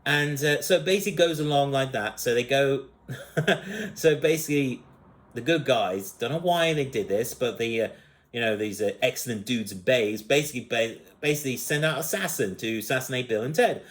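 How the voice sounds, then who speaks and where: A man's voice: medium pitch, moderate pace. Rambling, giggly man reviewing a movie. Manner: rambling, with many fillers and frequent giggling laughs. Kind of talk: casual spoken movie review.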